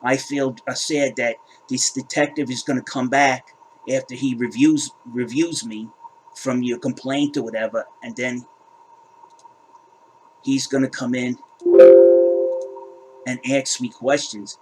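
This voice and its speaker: A man's voice: mid-range voice, fairly even intonation, unhurried, long pauses, low-quality recording. A man hosting his own crypto channel, ranting in a heated, casual way and often repeating and restarting his words. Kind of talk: heated casual rant to camera.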